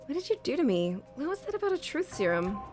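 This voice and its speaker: A woman's voice: high-pitched, sing-song, fast, darkish tone, faint music behind. A woman voicing a drugged young woman held captive, groggy and then defiant and crude.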